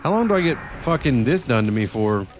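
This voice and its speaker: A man's voice: mid-range voice, sing-song, brisk, soft background music. A man chatting casually with viewers during a live game stream, loose and profane, often rambling. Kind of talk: casual live-stream chat while gaming.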